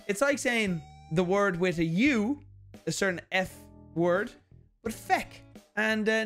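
Irish man joking and swearing. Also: sits high. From Ireland. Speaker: YouTube host. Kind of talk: casual mail-opening vlog.

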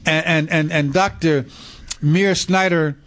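A man's voice: a little high, steady tone, takes it slowly, a bit bright. A man hosting a radio health show, enthusiastic and casual, often repeating words as he looks for them. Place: radio studio.

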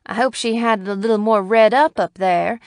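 A woman's voice: medium pitch, fairly even intonation, a little fast, no echo, clean studio sound, close to an everyday voice. A woman voicing a blunt, stout-hearted farm woman who speaks firmly and forthrightly. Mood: forceful. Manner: firm, forthright, with a rural lilt.

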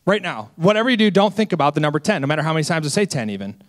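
A man in his twenties, a senior associate pastor, preaching a sermon with lively self-deprecating stories. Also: fairly high pitch, racing. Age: 20s. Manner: energetic, storytelling with self-deprecating humor.

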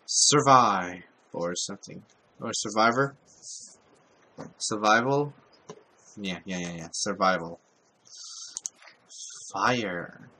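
Gamer guy, bright voice, loose muttering commentary, cusses, faint keyboard clicks behind. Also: on the low side, lively intonation, slow pace, pauses often, slight background noise. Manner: swears often, talks to himself while playing. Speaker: gameplay commentator. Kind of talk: casual let's-play commentary.

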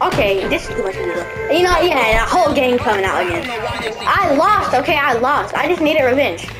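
A woman giving excitable, trash-talking commentary while playing a video game, often shouting at the screen. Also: sits high, fairly quick, poor audio. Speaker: gaming video creator. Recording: loud game music underneath.

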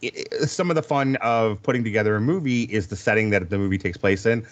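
A man's voice: fairly low pitch, fast. Joking, rambling male podcast co-host. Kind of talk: casual chat. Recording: dull lo-fi sound.

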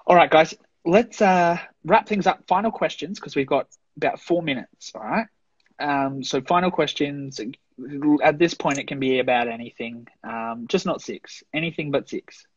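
A woman's voice: low voice, moderate pace, slightly rough, no room sound, muffled recording. A woman hosting a casual chat, enthusiastic and playful as she moves things along. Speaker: host.

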